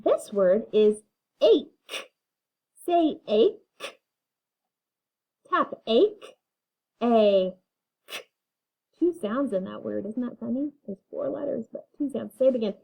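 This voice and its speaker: Patient woman teaching phonics slowly. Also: fairly high pitch, sing-song, gravelly, dark tone, breathy edge. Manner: patient, repeats words for learners to echo. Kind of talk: phonics lesson, slow and clear.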